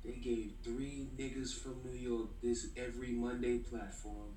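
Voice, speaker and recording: A man co-hosting a podcast, speaking in an excited, emphatic way. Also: mid-range voice, unhurried, poor audio. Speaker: podcast co-host. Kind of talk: casual podcast chat.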